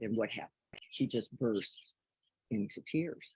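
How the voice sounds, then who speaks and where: A middle-aged woman giving a reflective spiritual teaching in a gentle, unhurried way, often closing her points with soft tag questions. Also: rumbling low, slightly rough, rough recording.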